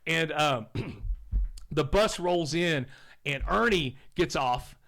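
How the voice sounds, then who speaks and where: Fifties guy from oklahoma, bit higher voice, rambling story mode, swears casually. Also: animated, takes it slowly, a bit bright. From Oklahoma, USA. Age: 50s. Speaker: podcast guest.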